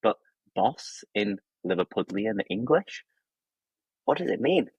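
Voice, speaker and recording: A man with a Yorkshire accent, an English teacher, hosts a casual conversation and explains slang in a relaxed way, using lots of examples and fillers. His voice is lowish, slow and husky, and the recording has no room sound, with the highs cut off.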